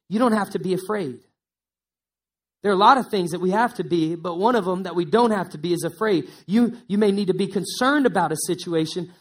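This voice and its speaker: A man's voice: sits high, a little fast. Male pastor, casual sermon delivery, repeats words for emphasis.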